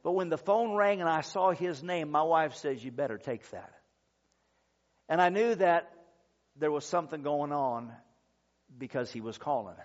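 A male pastor delivers a sermon in an earnest, measured storytelling tone, lingering on pauses. His voice sits a touch high for a man. The recording is dull and lo-fi. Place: church service.

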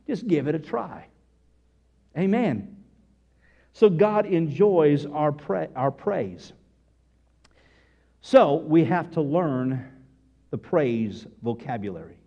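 A man preaching a sermon to his congregation, full of rhetorical questions and sudden shouted bursts. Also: high voice, animated, a little slow. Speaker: pastor.

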